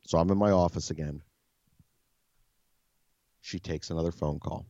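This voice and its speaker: A man casually telling a story as a podcast host, animated and exasperated, swearing often. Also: low-pitched, moderate pace, no room sound, highs cut off.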